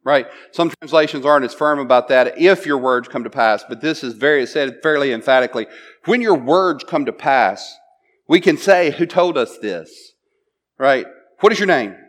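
A man's voice: mid-range voice, moderate pace. A man preaching a sermon, retelling a Bible story in a conversational way, often checking in with "right?" and restarting his phrases.

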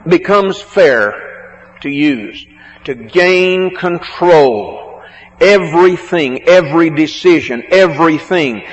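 A man preaching a sermon on marriage, slow and emphatic, drawing out words for stress. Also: a little high. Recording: muffled, with a long hall echo.

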